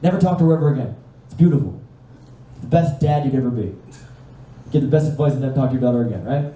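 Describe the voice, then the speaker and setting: Young guy doing live standup, swears a lot, does voices for the phone calls, dark mellow tone, echoey room, mic kinda far off. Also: medium pitch, fast, a little hiss or hum. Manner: animated, profane, acts out phone calls in voices. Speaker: stand-up comedian. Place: live comedy stage with audience. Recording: echoey room from a distance, faint ambience.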